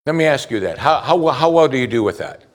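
A male pastor delivers a sermon in a plain, conversational voice of ordinary pitch. He talks the way he would to a friend, often repeating a word as he starts a thought. He keeps asking the congregation pointed questions. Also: lively intonation, fast talker. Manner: conversational preaching, asks the congregation direct questions.

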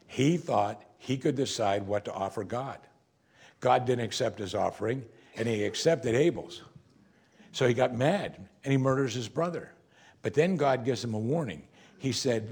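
A man's voice: on the low side, a little mellow, breathy edge. A man preaching an earnest sermon, raising and dropping his voice for emphasis. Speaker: pastor.

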